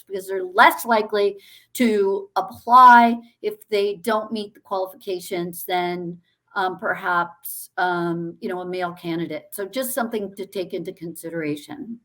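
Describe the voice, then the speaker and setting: A woman's voice: medium pitch, a bit bright. A woman sales executive on a panel, talking in a chatty, emphatic way with fillers and restarts. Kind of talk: panel discussion.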